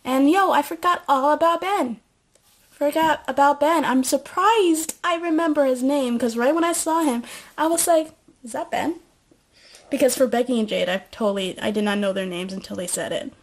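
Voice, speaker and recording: A woman's voice: high-pitched, moderate pace. A young woman casually recapping a TV show at home, rambling and joking with lots of fillers.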